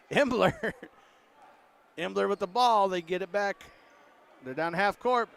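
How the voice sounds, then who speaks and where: A man giving casual play-by-play of a high school basketball game, joking and voicing what the players might be saying. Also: sing-song, slow pace, gravelly, a bit bright. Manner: joking, voices the players' imagined words. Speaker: play-by-play announcer. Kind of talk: casual sports commentary.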